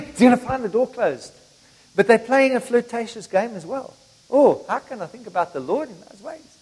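High-voiced man preaching in an echoey church. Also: animated, normal speed, slightly rough. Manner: conversational preaching with personal stories, bursts of singing. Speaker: pastor. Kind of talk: sermon. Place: church hall. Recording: reverberant church hall.

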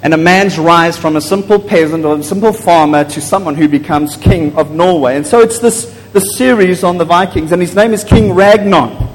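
Man preaching, very high voice, excitable, long hall echo. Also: moderate pace, few pauses, slight background noise. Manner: excitable, gets loud and apologizes for shouting; asks the congregation frequent questions. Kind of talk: sermon. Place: church hall.

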